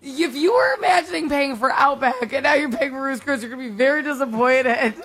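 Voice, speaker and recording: A woman's voice: high voice, fairly quick, faint music behind. A woman co-hosting a radio show in casual chat, telling stories animatedly and acting out what people said. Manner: animated storyteller, acts out quotes. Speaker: radio co-host.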